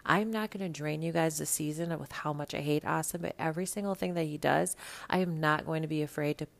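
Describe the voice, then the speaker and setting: Low gravelly-voiced woman recapping reality TV. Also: fairly even intonation, brisk. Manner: blunt, gossipy, swears freely. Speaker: podcast host. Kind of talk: casual reality TV recap monologue.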